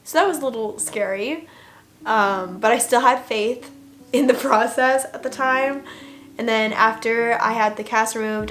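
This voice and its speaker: A young adult woman telling her story in a casual vlog, chatty and full of fillers, dropping into hushed asides. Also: on the high side. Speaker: vlogger.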